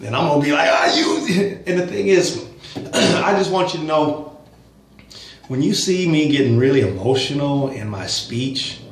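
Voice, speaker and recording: A man's voice: on the high side, normal speed, reverberant, poor audio. A man vlogging casual religious commentary, speaking emphatically with chuckling asides.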